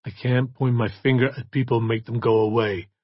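A man voicing a hard, cold male vigilante who speaks quietly and flatly. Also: mid-range voice, a little fast, dry recording, muffled recording, lightly acted.

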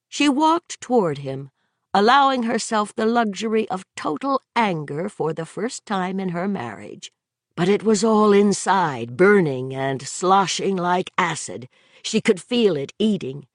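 A woman narrating a novel as an audiobook in measured, expressive storytelling. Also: on the low side, no echo, clean studio sound. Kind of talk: scripted narration.

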